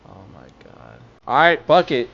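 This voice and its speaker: A man live-streaming a game, excitable and out of breath, talking to his chat. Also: a little high, measured pace, dull audio. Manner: animated, excitable, laughing often, talking to chat.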